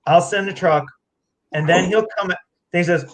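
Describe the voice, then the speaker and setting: A man accepting an award, his voice sitting a bit high. He talks emotionally, close to tears, stopping and restarting his sentences. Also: moderate pace. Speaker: award winner, fighter.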